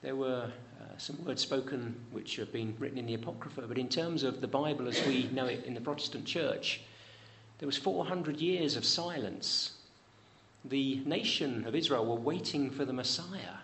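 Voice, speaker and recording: A man preaching to his church, and his voice sits in a middle range. He swings up high on pleading, repeated questions and sinks low and quiet on words of promise. A faint background hum runs under the speech. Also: moderate pace. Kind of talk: sermon.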